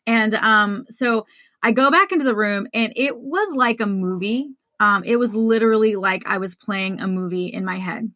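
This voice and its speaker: Bright-voiced woman telling a personal story. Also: mid-range voice, normal speed, no echo, highs cut off. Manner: candid, conversational, addresses listeners directly. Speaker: podcast host.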